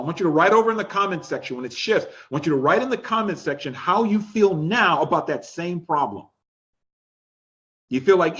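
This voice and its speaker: Upbeat male life coach, high voice, coaxing and repetitive; dull lo-fi recording. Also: fairly quick. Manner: energetic, coaxing, repeats instructions, laughs often. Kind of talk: live-streamed coaching class.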